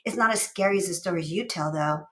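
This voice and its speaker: A woman voicing a bright, playful young schoolgirl who loves big words, in an eager, teasing manner. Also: lowish voice, fast talker, lightly acted. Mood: chirpy, teasing.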